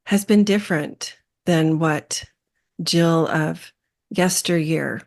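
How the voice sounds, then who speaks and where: A woman hosting a podcast, speaking gently and affirmingly, pausing and restarting as she searches for words. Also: fairly low pitch. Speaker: podcast host and coach. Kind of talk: interview conversation.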